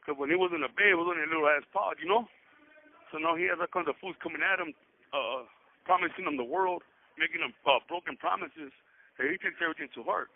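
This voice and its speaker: A man's voice: on the high side, fast. A man in prison, telling a long story over the phone in profane street slang, repeating himself as he goes. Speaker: prison inmate on a phone call. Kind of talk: rambling casual storytelling. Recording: tinny prison phone line.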